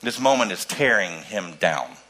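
A man preaching a sermon in an animated storytelling way, with loud emphasis that drops to hushed tones. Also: low voice, normal speed, rough recording. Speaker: pastor.

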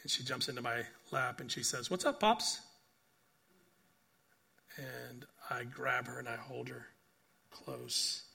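An older man preaching a sermon. He tells stories earnestly, repeats phrases, and keeps asking "right?", rising to emphatic bursts and then dropping soft and quiet. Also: mid-range voice, completely flat delivery, unhurried, gravelly, husky. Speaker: pastor.

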